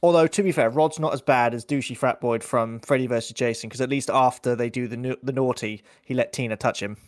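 The recording is studio quality with no room sound, capturing a man's mid-range voice at a fairly quick pace. He's a co-host on a horror podcast, casually and animatedly reviewing films, rambling and acting out scenes as he goes.

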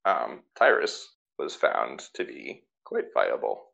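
A man narrating as game master for a tabletop game, halting often with fillers and restarts. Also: extremely low pitch, sing-song, vocal fry, bright, forceful tone, poor audio.

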